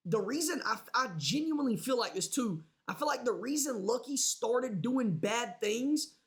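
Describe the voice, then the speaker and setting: A man's voice: very high voice, fairly bright tone. A man livestreaming, rambling casually and swearing a lot as he talks straight to his chat.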